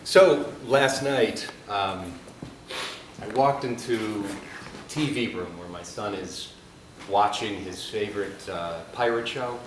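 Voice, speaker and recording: A man's voice: lowish voice, slow pace. A man in his thirties giving a chapel talk to a class of students, speaking conversationally and often checking in with "all right?" and "okay?". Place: school chapel. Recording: echoey hall, distant mic, background noise.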